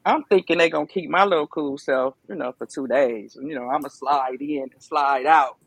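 Gravelly-voiced woman telling her story. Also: low-pitched, normal speed, no room sound. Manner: emphatic, conversational, lots of fillers. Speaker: podcast guest. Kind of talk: casual testimony.

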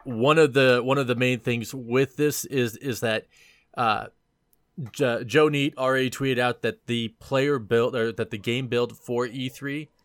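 A man who tests games, explaining in a casual gaming discussion with stammers and rushed run-on sentences. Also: medium pitch, steady tone, no room sound, studio quality. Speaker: podcast panelist, game tester.

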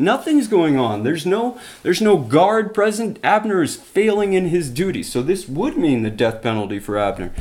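Bible teacher retelling scripture in plain talk. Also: male voice, a little high, darkish tone.

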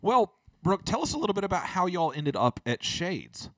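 A man's voice: sits high, very animated, normal speed, fairly bright tone, no echo, studio quality. A man co-hosting a church podcast, chatting casually and laughing easily. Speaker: pastor and podcast co-host. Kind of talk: casual chat.

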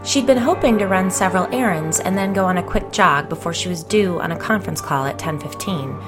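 A woman narrating a story as an audiobook in a measured, low-key reading, with faint music behind her. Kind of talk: scripted first-person fiction narration.

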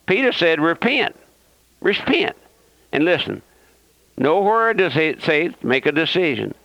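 A man delivering a fervent radio sermon in a fairly high voice, repeating phrases and hammering listeners with rhetorical questions. His folksy, sarcastic address comes through a dry, muffled lo-fi radio recording with no room sound. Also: big pitch swings, normal speed, creaky, no echo. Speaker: radio preacher.

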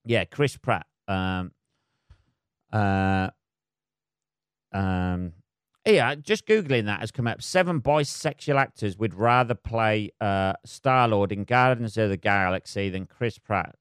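Comedian rambling on his podcast, swears loads, smooth voice, dry close mic. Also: lowish voice, fairly bright tone, no room sound. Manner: swears constantly, loose and rambling. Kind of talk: rambling solo podcast chat.

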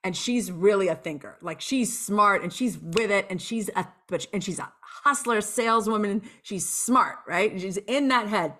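A lively woman guest on a podcast who tells stories with real energy and plays out her own past lines as she goes. Her voice sits at an ordinary middle pitch. She speaks in a candid, conversational way. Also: normal speed, few pauses. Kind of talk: candid storytelling interview chat.

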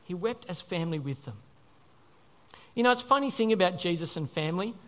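A man delivers a sermon with a high voice that rises and falls widely. He is earnest, repeats key phrases and asks his listeners questions. His tone stays pastoral and emphatic. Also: expressive, fairly quick, fairly bright tone.

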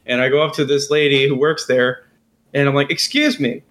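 A man's voice: mid-range voice, level tone, a little fast, fairly bright tone. A man co-hosting a casual podcast chat, telling rambling anecdotes with many restarts and bursts of laughter. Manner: rambling, stammering storyteller who breaks into laughter. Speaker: podcast co-host.

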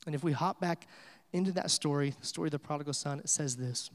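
A man preaching a sermon, with rises from quiet to loud and emphatic. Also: fairly high pitch, fast, in a large hall. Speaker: pastor.

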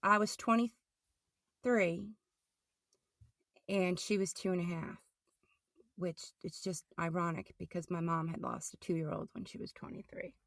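A middle-aged woman telling her personal testimony as a podcast guest, halting and often restarting or repeating words. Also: fairly low pitch, steady tone, dry recording, studio quality.

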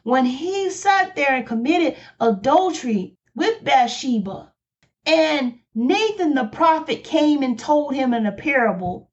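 A woman pastor preaching a sermon, slow and emphatic, declaring each point firmly. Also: high voice, expressive. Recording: dull lo-fi recording.

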